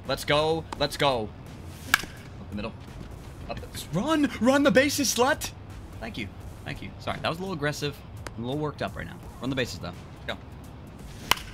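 A man giving excited, joking gameplay commentary with crude trash talk and bursts of yelling. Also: medium pitch. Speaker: gaming video creator.

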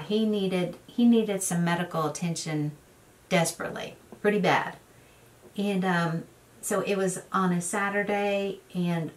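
A beauty vlogger rambles through stories in a casual get-ready-with-me chat, using plenty of fillers and restarts. Her voice sits fairly low for a woman, and the mic sounds slightly distant.

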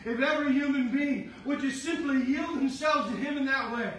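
Fervent shouting preacher in echoey church. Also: male voice, extremely high pitch, normal speed. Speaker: pastor. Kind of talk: sermon. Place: church sanctuary. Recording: echoey sanctuary from far off with faint hum.

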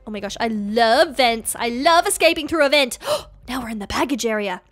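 Excitable high-voiced woman telling a game story. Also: normal speed, faint music behind. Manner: excitable, gasping.

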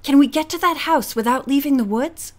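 A woman voicing a confident, curious teenage girl detective who talks briskly and decisively. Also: high-pitched, a little mellow, pitched above the performer's own voice, lightly acted.

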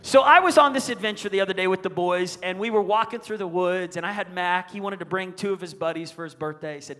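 A man's voice: high voice, quick pace, hardly any pauses, pushed and bright. A middle-aged male pastor preaching a sermon in a church, with emphatic call-and-response and prayer. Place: church sanctuary on a stage. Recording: reverberant church hall.

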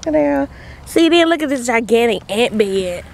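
A woman's voice: on the high side, expressive, moderate pace, vocal fry, slight background noise. A pregnant woman chatting playfully in a casual family vlog, filmed on a handheld camera. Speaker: vlogger.

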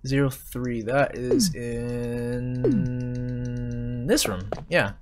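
Excitable, lively-voiced game streamer. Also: medium pitch, drawn-out words. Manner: excitable and jokey, swears casually, laughs often; chats with viewers while playing. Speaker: live-streamer playing a horror video game. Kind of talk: casual live-stream game commentary. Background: game music.

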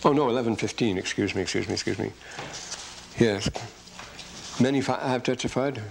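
Male lecturer, scripture class: reads verses aloud with emphasis, rambles, fumbles and corrects himself, average pitch. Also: a little fast, gravelly, a little hiss or hum.

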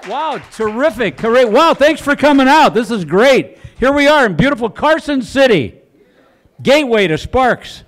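High-voiced older man doing stand-up. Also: very animated, moderate pace, a bit bright, some chatter behind. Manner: rambling, folksy, self-mocking. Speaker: stand-up comedian. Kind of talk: stand-up comedy set. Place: comedy club stage.

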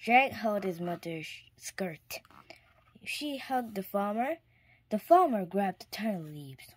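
A woman reading a children's picture book aloud in a clear storytime manner, now and then dropping to a whisper. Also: mid-range voice, big pitch swings, slow pace, slight background noise. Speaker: storybook reader.

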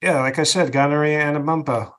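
A man's voice: fairly high pitch, steady tone, brisk, fairly bright tone, natural voice. A man doing a comedic impression of a rambling, boastful older male politician who meanders, interrupts himself and drifts into tangents on a podcast. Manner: meandering, self-interrupting, digressive bragging.

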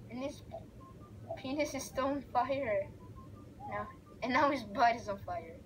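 A woman giving excitable let's-play commentary, reacting loudly and narrating the action on screen. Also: a little high, unhurried, long pauses, a little hiss or hum, rough recording. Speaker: gaming video creator.

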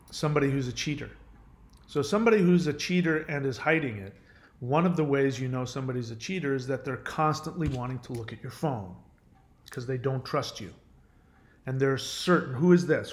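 A middle-aged man speaking earnestly to camera in a candid self-help monologue, with many fillers and restarts. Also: fairly high pitch.

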